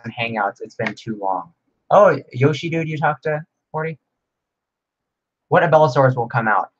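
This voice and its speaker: Brief: man, livestream host, rambling and excitable, reads chat aloud, mid-pitched, dull lo-fi mic. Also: moderate pace. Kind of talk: casual livestream Q&A.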